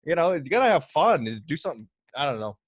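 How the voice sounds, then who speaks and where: Young guy hosting his podcast, crude jokes, bit high voice, dry sound. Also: very animated, fast, dry recording. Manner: joking, crude, loose. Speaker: podcast host. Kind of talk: casual podcast chat.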